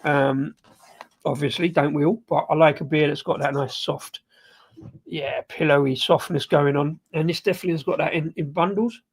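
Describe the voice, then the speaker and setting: Husky man rambling through a beer tasting. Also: a little high, fairly even intonation, moderate pace. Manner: rambling, hesitant, full of ums and self-corrections; sipping and tasting beer while talking. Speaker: beer reviewer hosting his channel. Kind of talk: casual live beer tasting review.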